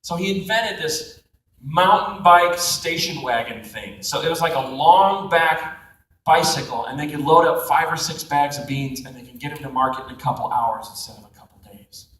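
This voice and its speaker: Youth speaker, male, bright animated storyteller, recorded far off in an echoey hall. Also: a little high, normal speed. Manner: animated, acts out voices in the story. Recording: echoey hall, mic from afar.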